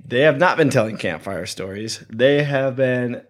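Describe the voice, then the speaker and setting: A man's voice: mid-range voice, unhurried. A man co-hosting a podcast, laid-back and laughing often while recapping a film. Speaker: podcast co-host. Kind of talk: casual podcast chat.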